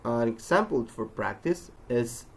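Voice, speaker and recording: Gravelly guy doing a slow pronunciation lesson, says each example word real carefully. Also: medium pitch, animated, slight background noise. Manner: slow, careful, over-enunciated example words. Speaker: pronunciation teacher.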